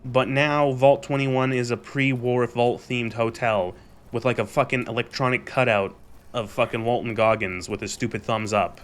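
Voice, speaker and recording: Young guy streamer venting about a show, animated, swears a lot, average pitch. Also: moderate pace. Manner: animated, exasperated, swears freely. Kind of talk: casual ranting recap.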